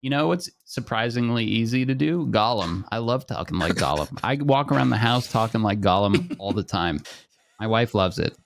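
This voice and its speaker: A man's voice: on the low side, animated, moderate pace, creaky, slight background noise. An American man hosting a podcast, chatting playfully and laughing often. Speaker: podcast host. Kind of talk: casual chat.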